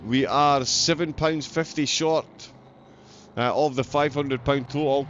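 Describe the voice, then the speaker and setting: A man's voice: mid-range voice, fairly even intonation, unhurried. A man with a Scottish accent giving live sim-racing commentary as the stream host, chatty, with lots of uh fillers. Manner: chatty, frequent uh fillers, self-deprecating. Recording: dull lo-fi audio with loud race car noise.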